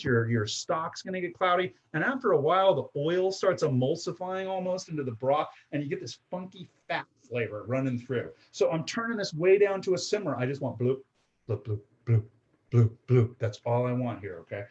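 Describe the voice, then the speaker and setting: A man's voice: on the high side, animated, a little fast, few pauses, dull audio. Chatty man explaining while he cooks. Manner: chatty, explains step by step, often asks "right?" and "okay?". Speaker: cooking show host. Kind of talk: live-streamed cooking demonstration. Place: home kitchen.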